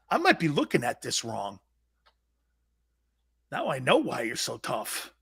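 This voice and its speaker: High-voiced, animated sports talk host. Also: male voice, unhurried, creaky, long pauses, slightly rough. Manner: loud, mocking, acts out angry fans.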